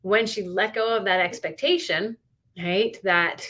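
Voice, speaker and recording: A woman's voice: mid-range voice, fairly even intonation, unhurried, fairly bright tone. A middle-aged woman co-hosting a podcast, telling stories in a casual, rambling way with many likes and you knows. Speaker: podcast co-host. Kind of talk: casual chat.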